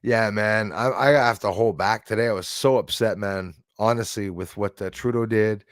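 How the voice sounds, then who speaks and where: A man's voice: on the low side, moderate pace, no echo, clean studio sound. A man hosting a casual live stream from his old house, rambling, greeting viewers by name and swearing now and then. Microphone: desk microphone.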